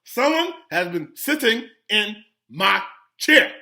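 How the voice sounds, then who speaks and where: Man doing a huge papa bear, loud and booming, pitched up, slow and stretched words, storybook read-aloud. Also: big pitch swings, creaky, heavily acted. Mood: indignant. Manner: booming and drawn out. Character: big gruff papa bear.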